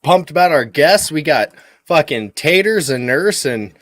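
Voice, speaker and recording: A man's voice: on the high side, animated, a little slow, a bit bright, dry recording. A man on a podcast panel, crude and joking. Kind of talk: casual chat.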